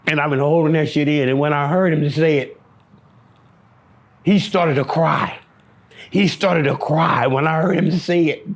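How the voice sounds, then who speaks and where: A man being interviewed, telling a personal story in a halting, repetitive, profane way, with stammering restarts. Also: on the high side, steady tone.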